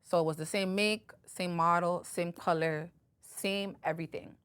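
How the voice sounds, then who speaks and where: A woman's voice: fairly low pitch, steady tone, moderate pace, fairly bright tone, clean tone. A woman talks through a personal story on her podcast in a loose, chatty way. She acts out both sides of a phone conversation and fills her speech with "like" and "you know.". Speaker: podcast host. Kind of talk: casual storytelling chat.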